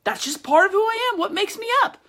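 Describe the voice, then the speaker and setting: High, bright-voiced woman podcast host. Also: expressive, fast, slight background noise. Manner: chatty, emphatic, slangy pep talk. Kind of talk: casual motivational monologue. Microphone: camera, speaking to viewers.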